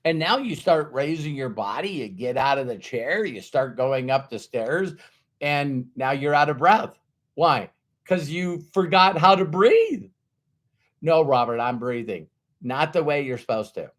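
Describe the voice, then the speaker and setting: A man giving a motivational talk to an audience, acting out everyday inner voices in an animated way. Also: fairly high pitch, measured pace. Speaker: motivational speaker.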